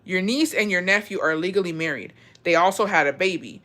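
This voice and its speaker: A woman's voice: fairly low pitch, a little fast, pushed and bright. A young woman from Texas in her twenties, chatting emotionally and swearing freely as she reacts to viewer stories. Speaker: host reading viewer stories. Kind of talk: casual chat.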